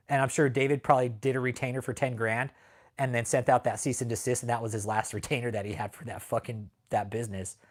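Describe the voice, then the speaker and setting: A man hosting a livestream, talking in a brash, profane, casual rant and laughing often. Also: medium pitch. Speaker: livestream host.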